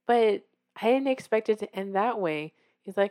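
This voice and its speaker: A woman's voice: fairly low pitch, steady tone, normal speed, clean tone. A woman author hosting her own show, talking casually and encouragingly to the listener and acting out her own reactions as she tells her story. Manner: warm, encouraging, directly addressing the listener. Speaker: author and podcast host. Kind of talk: casual motivational talk.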